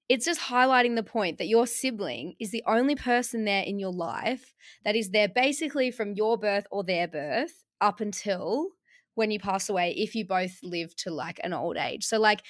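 A woman's voice: medium pitch, dry recording, studio quality. A woman hosting a podcast, chatting casually and enthusiastically, with frequent fillers. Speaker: podcast host.

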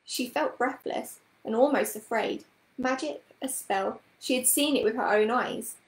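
A woman reading a children's book aloud in a gentle, expressive storytelling manner. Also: on the high side, unhurried, echoey room, rough recording.

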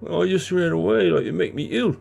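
A man's voice: high voice, brisk, gravelly, darkish tone, soft background music, pitched above the performer's own voice. A man voicing a young male Cockney bellboy, a war veteran, telling a breathless, pleading story in a Cockney accent. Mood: shaken.

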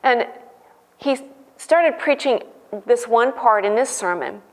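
Woman, devotional speaker, earnest storyteller, higher voice, long reverb. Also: expressive, takes it slowly.

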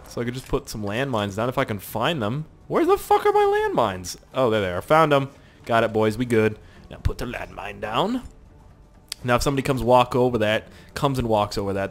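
Young male gamer, let's play commentary, goofy rambling delivery, swings high and low. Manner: rambling, joking, swears a lot. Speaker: gaming YouTuber.

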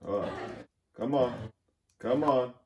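A man hosting a reaction video, talking to his viewers in a relaxed, casual way. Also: mid-range voice, takes it slowly, roomy sound, muffled recording, slight background noise. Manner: relaxed, talks to viewers directly. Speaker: reaction channel host.

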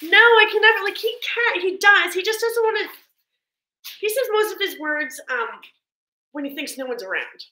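A woman's voice: extremely high pitch, lively intonation, moderate pace, sharp tone. A woman hosting a casual livestream with her pet parrot, cooing baby talk at it and thanking viewers. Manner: coos baby talk to her bird, laughs often; reads out and thanks viewer comments. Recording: echoey room.

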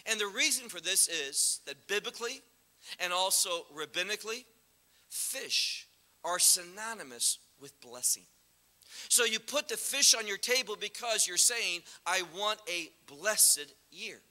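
A man's voice: sits high, sing-song, a little slow, sharp tone. A man preaching a sermon as a guest speaker, teaching from scripture and asking the congregation rhetorical questions. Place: church sanctuary. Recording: long reverb of a church hall.

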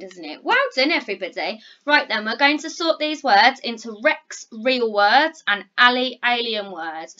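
Bright slow-spoken teacher woman. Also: a little high, dull audio. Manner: encouraging, slow and clear, sounding out words. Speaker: primary school teacher. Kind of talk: recorded phonics lesson for young children.

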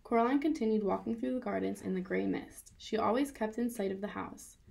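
A woman reading a children's novel aloud in a calm, steady way. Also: medium pitch, brisk, gravelly, breathy edge. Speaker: reader. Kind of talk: children's book read-aloud.

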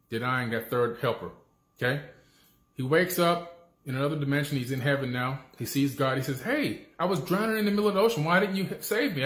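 In an echoey space, a man gives a motivational talk that is casual yet emphatic, repeating the important points and often asking "okay?". His voice is mid-range and a bit bright.

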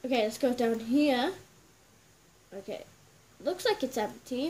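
A woman's voice: fairly high pitch, expressive, unhurried, long pauses, darkish tone, slight background noise. A woman hosting a casual gaming video, giggling and chatting straight to her viewers as she plays. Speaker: gameplay video host.

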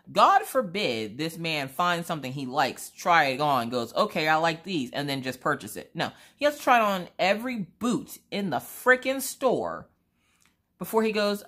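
A woman, chatting away as she works on a craft. Her stories ramble, and her pitch swings widely as she tells them. She sounds like a casual, chatty vlogger. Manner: animated rambling storyteller. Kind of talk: casual chat while crafting.

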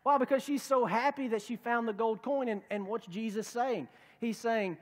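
A man's voice: extremely high pitch, moderate pace, few pauses, in a large hall. A male pastor preaching a conversational sermon, acting out the voices of the people he quotes. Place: church sanctuary.

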